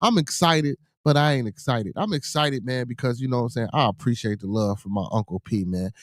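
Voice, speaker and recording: A man hosting a livestream podcast, animatedly begging chat for super chats and shouting out supporters. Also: mid-range voice, fairly quick, no room sound, clean studio sound. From Chicago area.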